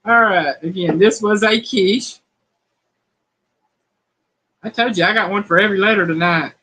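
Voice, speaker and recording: A woman's voice: mid-range voice, moderate pace, a bit bright, husky, rough recording. A woman hosting a home cooking livestream, chatting casually and reading viewer comments aloud. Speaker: cooking channel host.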